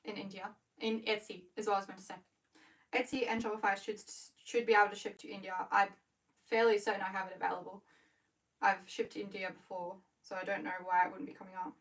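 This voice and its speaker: A young Australian woman, a small business owner, livestreams while she works, chatting casually to viewers. Her mid-range voice is flat and quick, she corrects herself as she goes, and she sounds a bit far from the mic.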